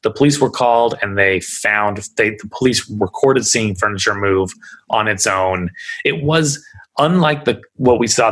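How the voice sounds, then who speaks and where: A man's voice: lowish voice, fairly bright tone. A man hosting a video podcast, talking in a loose, chatty way with plenty of fillers. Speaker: podcast host. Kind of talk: casual chat.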